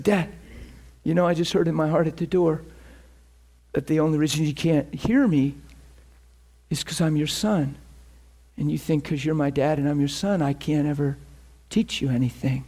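A man's voice: fairly high pitch, normal speed. A male pastor delivering a sermon, telling a personal story with frequent laughter and voicing quoted people. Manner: animated, laughs often, voices quoted people.

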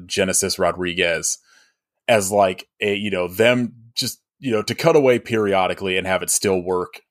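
A man in casual podcast chat about a movie, rambling with many fillers and frequent laughs. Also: low voice. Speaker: podcast co-host.

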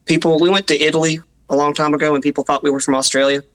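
A man's voice: a little high, flat delivery, very fast, a bit bright, slight background noise, rough recording. A man with a Southern Appalachian accent, a musician being interviewed, talking casually with restarts and self-deprecating asides. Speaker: musician guest.

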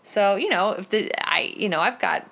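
A woman's voice: mid-range voice, lively intonation, normal speed, gravelly, a bit bright. A woman co-hosting a podcast in casual chat, rambling and full of fillers. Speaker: podcast co-host.

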